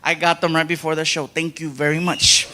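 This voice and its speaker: A male stand-up comedian tells stories on stage, animated and acting out different voices. His voice sits on the high side and moves a little fast. It's caught on a live stage mic at a show, with a loud crowd making plenty of background noise.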